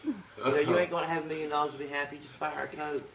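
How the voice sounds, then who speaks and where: A man impersonating a mellow hippie male bandmate, talking slowly and dreamily. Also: on the high side, flat delivery, gravelly, recorded from a distance, a little hiss or hum, poor audio. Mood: dreamy. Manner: slow, laid-back, dreamy.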